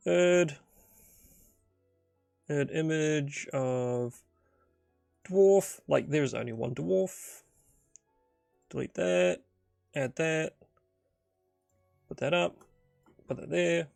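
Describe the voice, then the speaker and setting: A man's voice: a little high, drawn-out words, vocal fry, pauses often, darkish tone, no room sound, faint music behind. A man narrating and improvising a solo tabletop game, rambling and thinking aloud with many fillers.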